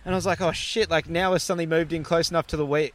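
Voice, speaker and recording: A young man telling a story in a casual, animated way, swearing and laughing as he goes. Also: a little high, racing, a little hiss or hum.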